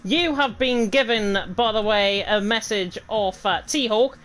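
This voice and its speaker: A woman's voice: medium pitch, takes it slowly, a bit bright, poor audio. A woman with a Northern English accent giving chatty, self-deprecating live commentary on a racing league. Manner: chatty, self-deprecating, fluent reading of standings. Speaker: race commentator.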